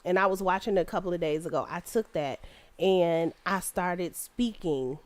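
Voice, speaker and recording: Blunt, profane woman, slightly low voice. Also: normal speed. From Detroit. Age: adult with kids. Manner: blunt, profane, laughs easily. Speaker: podcast co-host. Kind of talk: casual chat.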